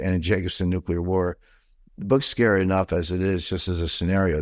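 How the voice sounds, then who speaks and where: A man's voice: low-pitched, a little mellow, no echo, clean studio sound. An older man, a financial commentator, giving blunt, opinionated and rambling answers in an interview.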